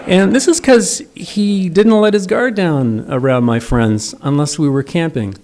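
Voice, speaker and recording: Gravelly man telling wry stories. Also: a little high, a little slow, a little mellow, a little hiss or hum. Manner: wry, self-deprecating storytelling. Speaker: son giving a eulogy. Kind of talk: memorial eulogy with humorous anecdotes. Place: memorial service.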